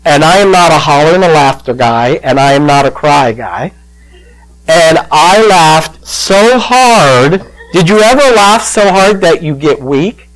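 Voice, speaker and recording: An older male pastor telling a personal story in a sermon, slow and emotional, choking up at times. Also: fairly high pitch, animated, fairly bright tone, poor audio.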